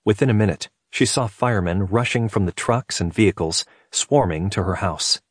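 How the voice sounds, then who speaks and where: A man narrating a novel in a steady, measured reading. His voice is low with a husky grain. The sound is close and dry, with no room around it. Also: no room sound. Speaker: audiobook narrator.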